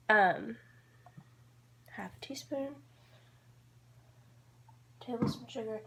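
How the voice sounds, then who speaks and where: A woman's voice: mid-range voice, gravelly. Bubbly young woman rambling while she bakes, self-mocking, noisy home recording with clicks. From Georgia, USA. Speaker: vlogger. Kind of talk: casual chat while baking.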